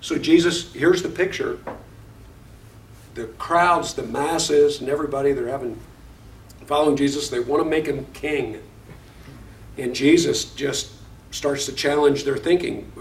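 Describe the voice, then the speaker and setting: A man's voice: mid-range voice, fairly even intonation, moderate pace, a little hiss or hum. A man teaching a Bible study class, reading verses aloud, explaining them and putting questions to the class. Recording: echoey room, voice far from the mic.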